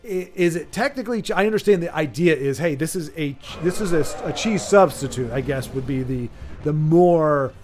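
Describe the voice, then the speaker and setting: A man's voice: on the high side, expressive, a little fast, a little mellow, soft background music. A man hosting a livestream, chatting casually and rambling, often stopping mid-word and reading chat aloud. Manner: rambling, self-interrupting, reads chat aloud. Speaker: streamer host.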